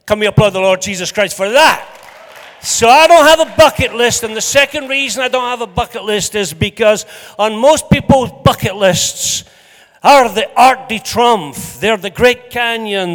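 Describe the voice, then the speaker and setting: A Scottish man preaches a sermon with a high voice. His talk is chatty and joking, with emphatic turns. The sound rings with the long reverb of a large hall. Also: normal speed, a bit bright. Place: church hall.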